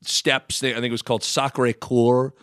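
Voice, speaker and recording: A man hosting a podcast, telling stories in a casual, animated way and laughing often. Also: medium pitch, moderate pace, clean tone, no echo, studio quality. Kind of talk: casual podcast chat, storytelling.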